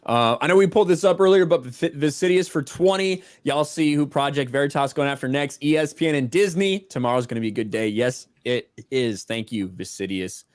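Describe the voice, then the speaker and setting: A man's voice: mid-range voice, fairly quick, hardly any pauses, no echo. Dry-voiced man reading super chats. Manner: reads donor messages aloud, swears casually. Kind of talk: casual livestream chat.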